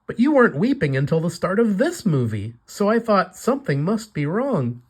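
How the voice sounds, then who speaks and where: A man's voice: sits high, sing-song, normal speed, breathy edge, voice pushed up, exaggerated voice. A man voicing a cheerful, meddling young vampire girl in a raised, eager, sweet tone while reading his comic aloud. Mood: earnest.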